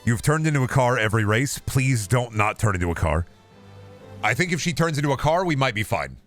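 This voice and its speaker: A young man streaming a game, chatting casually, joking loudly and yelling at races. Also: medium pitch, lively intonation, fairly quick, faint music behind. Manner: loud, joking, yells at the game during races. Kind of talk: casual gaming stream chat.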